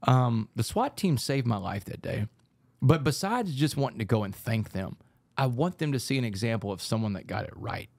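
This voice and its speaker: A man, a guest on a podcast, telling his life story in a lively, animated way and often saying "man". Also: medium pitch, normal speed, no room sound. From Texas, United States. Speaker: podcast guest, author and speaker. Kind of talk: storytelling in a casual podcast interview.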